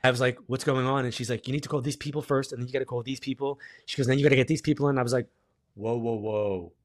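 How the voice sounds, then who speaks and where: A middle-aged man, a guest on a podcast, who tells stories in a casual, animated way and acts out the quoted dialogue. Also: mid-range voice, very fast, dry recording, studio quality. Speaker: guest psychic medium. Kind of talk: casual storytelling interview.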